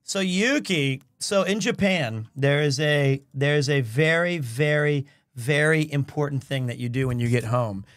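A man's voice: on the high side, a little slow, hardly any pauses. A man hosting a live stream from his home, chatting casually and telling stories with lots of laughter. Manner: animated, laughing storyteller. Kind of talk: casual chat. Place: home in Japan.

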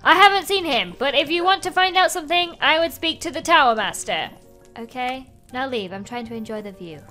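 A woman's voice: high voice, lively intonation, fairly quick, pushed and bright, faint music behind. A woman voicing a bubbly young woman in a game, gushing over cute things.

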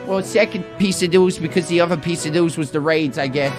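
A man's voice: a little high, fairly quick, hardly any pauses, a little mellow, faint music behind. Male comic anchor, foul-mouthed, flustered, keeps cutting himself off. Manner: profane, exasperated, rambling and self-interrupting. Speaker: comedy news anchor. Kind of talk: improvised comic news parody.

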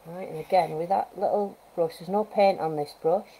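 Mellow-voiced woman teaching painting live. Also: on the low side, steady tone, normal speed, a little hiss or hum, poor audio. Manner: chatty, thinks aloud while working; gentle coaching asides. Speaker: wildlife artist teaching painting. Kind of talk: live painting demonstration, casual talk. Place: art studio at home, live stream.

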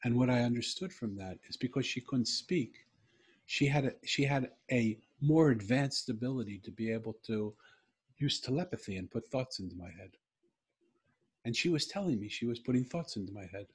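Middle-aged man with a husky voice, telling a story earnestly. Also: mid-range voice, lively intonation, normal speed. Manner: earnest, heartfelt, emphatic. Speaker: guest. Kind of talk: personal storytelling in conversation.

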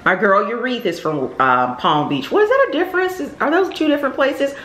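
A woman's voice: fairly high pitch, fairly quick, reverberant, noisy background. Middle aged lady doing a casual haul vlog, voice goes up and down a lot, talks to her camera. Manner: chatty, animated, lots of ums and repeats. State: out of breath. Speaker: vlogger and shop owner. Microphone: camera or phone nearby.

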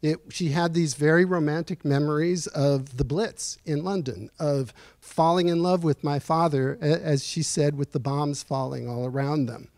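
A man in his sixties giving a personal storytelling lecture in a university auditorium, earnest and reflective, pausing as he speaks. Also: fairly high pitch, a little mellow, dry recording. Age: 60s. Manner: earnest, reflective, halting with pauses. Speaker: guest speaker at a lecture series.

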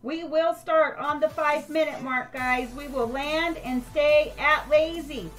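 A woman's voice: high-pitched, slow pace, a bit bright. An older woman live-streaming a game, chatting with viewers and thanking them by name.

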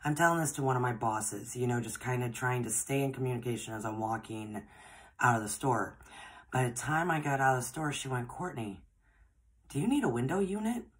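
A woman's voice: a bass voice, brisk, fairly bright tone. A woman, a spiritual podcaster telling personal stories in a chatty, rambling, earnest way. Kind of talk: personal storytelling.

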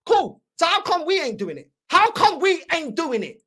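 A woman's voice: high voice, big pitch swings, moderate pace, a bit bright. A young woman, hosting a football fan channel and ranting angrily, mocking and repeating herself. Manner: heated, mocking, repetitive ranting. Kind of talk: angry fan reaction rant.

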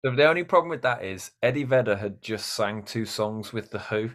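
A man, a musician guest in a casual chat, telling stories in an animated way. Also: on the low side, fairly quick. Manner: animated storyteller.

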